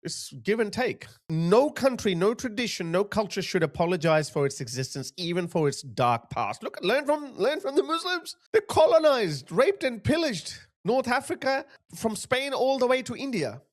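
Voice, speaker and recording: A man's voice: high voice, big pitch swings, moderate pace, few pauses. A man in his thirties delivers a reaction commentary in a slightly raised register. His manner is mocking, and he slips into voices to mimic the people he describes. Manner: mocking, puts on voices of others. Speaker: commentary host.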